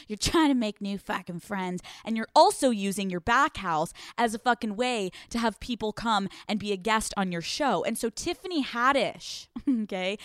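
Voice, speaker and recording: A woman's voice: mid-range voice, clean tone, no echo, clean studio sound. A young woman from Pennsylvania hosting a podcast, rambling through a crude comedic monologue, swearing freely and laughing often. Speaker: podcast host.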